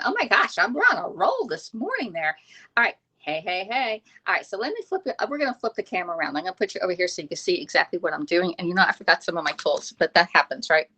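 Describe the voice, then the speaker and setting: A woman, chatting through a live cooking stream in her home kitchen. Her voice sits a little low for a woman. She greets viewers by name and tags her steps with "okay?" and "all right?", all picked up by her phone. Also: a bit bright. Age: 50s. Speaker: live-stream host demonstrating recipes. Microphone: phone camera on a stand.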